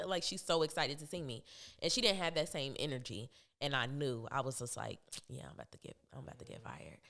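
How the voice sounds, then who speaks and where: A young woman speaking as a podcast guest, telling a personal story in a casual, animated way, often laughing and acting out what others said. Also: a bass voice. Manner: animated, laughs often, acts out quoted voices.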